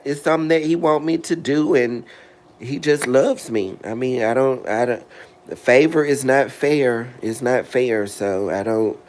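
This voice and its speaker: A man talking casually about faith to his video viewers, animated and chatty, calling them honey and girl. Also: medium pitch. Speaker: video host.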